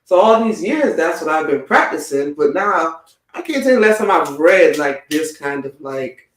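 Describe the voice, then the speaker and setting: A man chatting casually in a book club discussion, sharing local details in a relaxed way. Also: fairly high pitch, normal speed. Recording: roomy sound from a distance.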